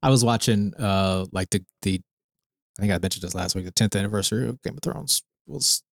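A man's voice: lowish voice, fairly quick, creaky, dry recording. A man co-hosting a podcast in casual chat, easygoing and agreeable, laughing often. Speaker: podcast co-host.

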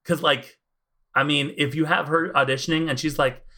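A man co-hosting a casual podcast chat, relaxed, reeling off comic issue details. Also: a little high, normal speed. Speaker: podcast co-host.

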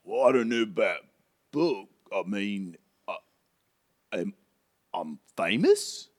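A man voicing a bumbling, friendly giant of a groundskeeper who stammers excitedly. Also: on the low side, slow. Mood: flustered.

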